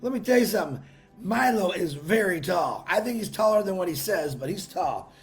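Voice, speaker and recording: A man's voice: high voice, expressive, fairly quick, faint music behind. A man hosting a live stream, chatting casually and greeting viewers by name with upbeat bursts, his voice worn from a long weekend. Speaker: livestream host.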